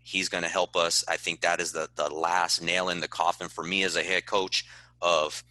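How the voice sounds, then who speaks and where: A man's voice: sits low, flat delivery, normal speed, pushed and bright, no echo. A man who is a football head coach, answering in a podcast interview in an earnest, passionate way and repeating words when he stresses a point.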